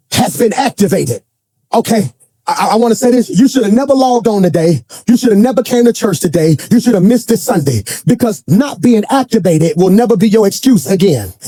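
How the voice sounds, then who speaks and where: A man preaching a sermon to a congregation in church, swinging between shouted, sing-song lines and folksy, colloquial storytelling with asides. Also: sits high, no echo. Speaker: pastor.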